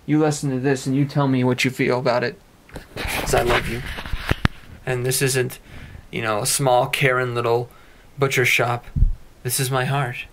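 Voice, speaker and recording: A man's voice: mid-range voice, fairly bright tone. A young man talking at length in an earnest, rambling personal monologue, repeating phrases as he goes, recorded in an apartment. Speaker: amateur web radio speaker.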